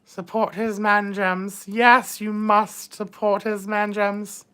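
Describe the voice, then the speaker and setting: This live-stream host plays a vain, flirtatious mature duchess, drawling "darling" and exchanging bawdy innuendo with her chat. Her mid-range voice is flat and unhurried, a bit bright and clean in tone.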